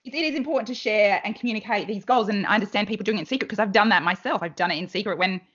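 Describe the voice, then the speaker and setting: Woman podcast host; brisk, encouraging questions, mid pitch, dull lo-fi sound. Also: fairly bright tone, husky. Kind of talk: podcast interview. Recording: muffled lo-fi audio.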